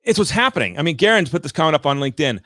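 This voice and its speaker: A man's voice: fairly high pitch, very animated, rapid-fire, a bit bright, dry recording. A man hosting a live show, giving direct, emphatic coaching talk with points repeated for effect, in a room with large windows on a studio microphone.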